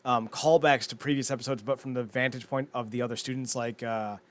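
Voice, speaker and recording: A man co-hosting a casual talk show, animated and swearing, acting out scenes as he recaps them. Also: mid-range voice, a little fast. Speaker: podcast co-host.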